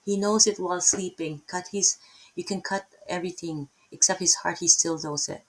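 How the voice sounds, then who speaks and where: A woman giving an informal Bible lesson, rambling with many pauses and tag questions. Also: on the low side, fairly even intonation, rough recording. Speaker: Bible teacher.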